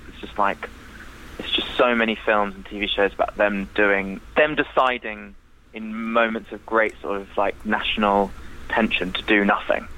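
A man's voice: fairly low pitch, fairly even intonation, normal speed, bright, forceful tone, a little hiss or hum, poor audio. A man as a podcast guest, chatting casually, laughing and playfully ranting with the odd swear. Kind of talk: casual chat.

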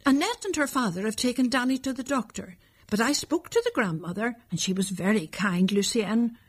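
A woman voicing an anxious village mother who scolds her son, with a husky, higher voice. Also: expressive, fairly quick. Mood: worried. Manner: reproachful, then angry.

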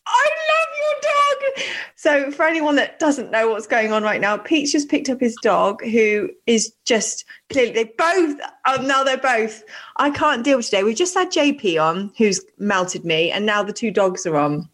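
A woman co-hosting a podcast in casual chat, excitable, laughing often and swearing. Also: on the high side, normal speed. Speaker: podcast co-host.

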